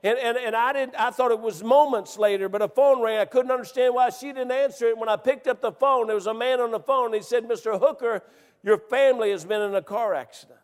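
A man preaching a sermon, telling a personal story with rising emotion and bursts of shouting. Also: extremely high pitch, fairly quick, in a large hall.

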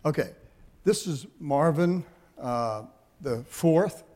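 An older man, a pastor, telling folksy family stories in a sermon, animated and laughing at his own jokes. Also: on the high side, takes it slowly. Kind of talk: sermon storytelling.

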